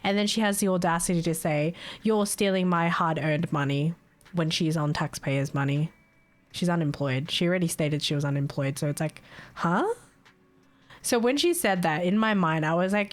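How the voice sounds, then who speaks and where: A woman's voice: lowish voice, normal speed, pauses often. A young woman talks casually to her stream viewers at a desktop mic. She is chatty, swears freely and breaks into laughter often.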